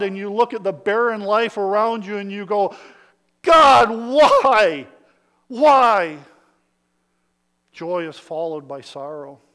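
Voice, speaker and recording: A man preaching a sermon, swinging from hushed lines to loud calls for amens and acting out the voices of his listeners. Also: sits high. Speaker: pastor.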